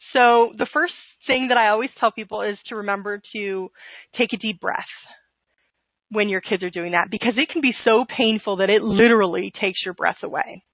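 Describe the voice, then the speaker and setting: A woman giving calm, steady divorce-coaching advice in an interview, with frequent fillers. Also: fairly high pitch, dry recording, narrow, tinny audio.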